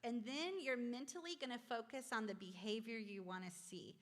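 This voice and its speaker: A woman's voice: on the high side, normal speed. A woman presenting a parenting class from slides, chatty and encouraging, quizzing the audience.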